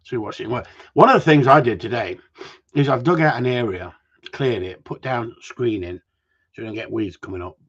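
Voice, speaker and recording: Talking a little fast in a husky, medium-pitched voice, a man banters with viewers on a livestream. His casual chat wanders, is laced with swearing and jokes, and comes through in dull lo-fi sound.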